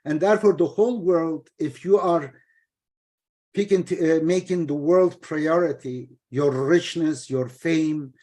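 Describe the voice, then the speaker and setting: A middle-aged man, Turkish his first language, leads an informal study session on scripture translation. His voice sits a bit high for a man. He talks in an explaining, halting way, full of fillers and restarts. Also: dark tone.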